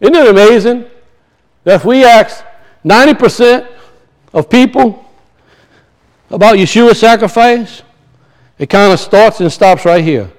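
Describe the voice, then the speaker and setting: A man's voice: a little slow, pauses often, rough recording. A middle-aged man preaching a sermon, swinging his voice up and down, repeating phrases and acting out quoted voices. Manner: animated preaching, rises and drops in pitch, acts out quoted voices; repeats and restarts phrases for emphasis.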